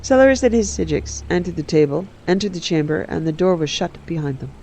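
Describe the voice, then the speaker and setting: Relaxed man reading a story aloud. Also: a little high, a little fast, slight background noise. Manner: relaxed, self-correcting. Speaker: game streamer reading an in-game book. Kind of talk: casual read-aloud narration.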